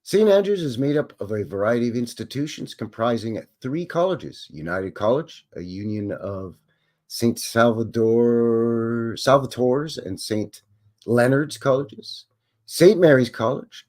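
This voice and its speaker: A man's voice: medium pitch, expressive, unhurried, darkish tone. A man hosting a live stream, reading passages aloud and breaking off for wry, self-deprecating comments.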